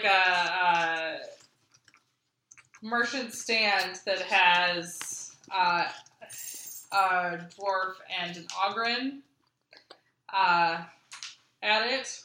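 Slow, bright-voiced woman game master. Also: medium pitch. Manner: unhurried, many fillers. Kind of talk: narrating a tabletop game. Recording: echoey room with faint hiss.

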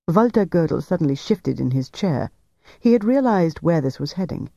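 A man narrates a novel in a measured, even voice. His tone is dark and mellow. The recording is dry and close, with a dull, lo-fi edge. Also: fairly high pitch, creaky, dry recording. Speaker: audiobook narrator.

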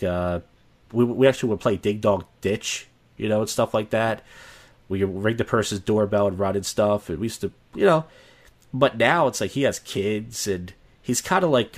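A young man, a comedian co-hosting a podcast, telling a long rambling story in casual chat, often restarting his sentences. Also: on the low side.

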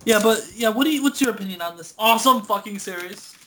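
A man's voice: sits high, expressive, fast, pushed and bright. A young man co-hosting a casual gaming podcast, rambling and laughing as he talks, swearing often. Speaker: podcast co-host. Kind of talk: casual chat.

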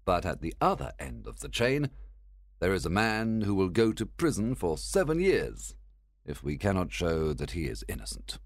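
A man voicing a calm, clever male detective who explains things precisely, in a storybook reading. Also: low-pitched, dry recording, clean studio sound. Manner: measured, explaining.

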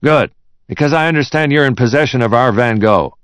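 A man's voice: mid-range voice, fairly quick, clean tone, dry recording, pitched above the performer's own voice, close to an everyday voice. A man voicing a curt, domineering male executive who barks impatient demands. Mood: barking. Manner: barking, impatient.

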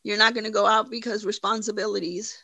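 A woman's voice: medium pitch, little pitch movement, fast, sharp tone, no echo. A woman hosting a livestream, giving blunt, profane, mocking commentary. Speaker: livestream host. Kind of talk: casual commentary.

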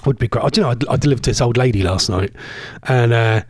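A man's voice: medium pitch, fast talker, slightly rough, no room sound, studio quality. A man hosting an online radio show from a cold home conservatory, chatting in a rambling way and correcting himself as he goes. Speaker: internet radio host. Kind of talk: casual radio chat.

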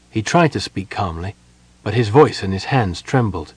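Husky male audiobook narrator. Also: lowish voice, lively intonation, normal speed, dry recording, low-quality recording.

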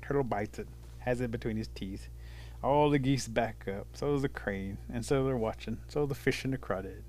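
A man telling a traditional animal fable, animated and chuckling as he goes. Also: mid-range voice, normal speed. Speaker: storyteller. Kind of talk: told folk tale.

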